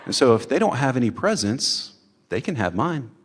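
A man's voice: mid-range voice, big pitch swings, moderate pace, breathy edge, in a large hall, pitched above the performer's own voice. A man voicing his youngest son as an earnest, sweet little boy.

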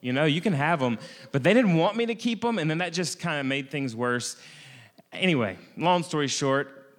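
An American man telling a self-mocking travel anecdote in a lively way, often restarting his sentences. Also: on the high side, normal speed, in a large hall. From United States. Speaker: storyteller. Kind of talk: comic personal travel anecdote.

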